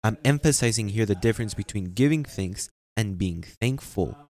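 Emphatic low-voiced male preacher. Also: animated, darkish tone. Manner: emphatic, repeats phrases for stress; reads scripture slowly and deliberately. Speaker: pastor. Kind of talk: sermon.

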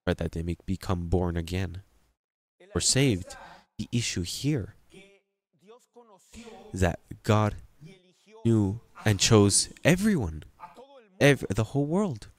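A man preaching a sermon with an accent, drawing out words and rising into emphatic bursts. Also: fairly low pitch. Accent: non-native English. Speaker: pastor.

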